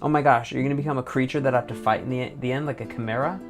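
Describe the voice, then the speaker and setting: A woman with a low voice chats casually while playing a game, rambling and breaking into laughs. Faint guitar music plays under her. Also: racing. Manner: rambling, excitable, laughs often. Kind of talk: casual let's-play commentary and dialogue reading.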